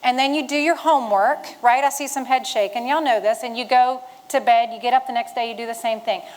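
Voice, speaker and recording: A middle-aged woman tells stories from the stage in a somewhat high voice. She is folksy and humorous, and she draws her listeners in like a retired Marine speaking to a room of fellow veterans. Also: fairly quick, rough recording. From western Virginia, Shenandoah Valley. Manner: folksy and humorous, rallying the audience. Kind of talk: storytelling speech to an audience.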